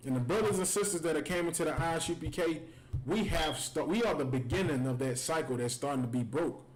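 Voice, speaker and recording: Fast and angry, a man from the United States with a voice on the high side breaks down scripture conversationally on a livestream. He keeps saying "man" throughout his heated preaching, captured in a rough recording.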